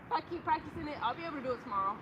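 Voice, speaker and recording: A young woman leading a casual yoga class outdoors, chatty and talking herself up out loud as she tries a backbend. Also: sits high, lively intonation, very fast, highs cut off, background noise. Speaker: yoga instructor.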